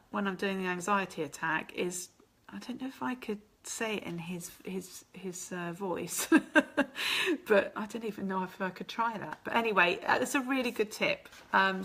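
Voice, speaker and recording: A woman's voice: medium pitch, gravelly, a bit bright. A woman with a chatty, rambling manner, hosting a casual live stream and answering viewer comments. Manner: chatty and rambling, laughs often.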